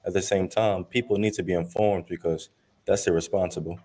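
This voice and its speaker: A man as a guest on an interview show, talking earnestly and at a measured pace, now and then acting out what other people say. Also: sits low, steady tone, mellow. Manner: earnest, measured, acts out quoted voices. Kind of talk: conversational podcast interview.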